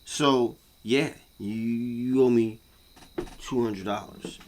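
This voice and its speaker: A man ranting casually to camera as a vlogger, profane and repetitive, swinging from muttering to yelling. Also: fairly low pitch, slow pace, noisy background.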